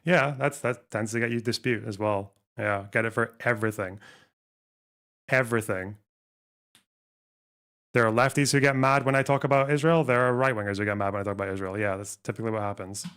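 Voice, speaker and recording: A man's voice: on the low side, a little fast, a bit bright, clean tone. A man streaming and reacting to a clip, combative, profane and sarcastic. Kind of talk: live stream reaction commentary.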